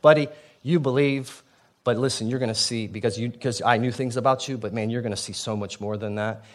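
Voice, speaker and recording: A man's voice: medium pitch, fairly even intonation, brisk, close to an everyday voice. A man voicing Jesus as a friendly, easygoing grown man in a sermon, talking casually like he's speaking to a buddy. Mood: encouraging. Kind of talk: sermon retelling with voiced characters.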